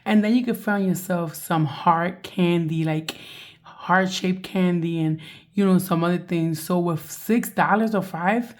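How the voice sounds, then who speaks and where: Woman reaction host, very low voice, sore and strained, soft mocking delivery with laughs. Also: measured pace. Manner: mocking, laughing, talking softly. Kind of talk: reaction commentary.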